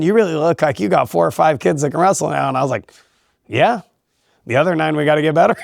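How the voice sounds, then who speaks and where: Gravelly guy coaching wrestling, fired up and laughing a lot, dry close sound. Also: on the high side, no room sound. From California. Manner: emphatic, motivational, laughs often. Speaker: high school wrestling coach. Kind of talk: casual interview talk.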